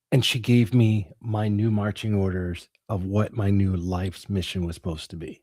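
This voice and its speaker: A man's voice: fairly low pitch, fairly even intonation, normal speed, hardly any pauses, warm tone, no room sound, clean studio sound. A middle-aged man, an interview guest, telling a dramatic personal story with the odd laugh.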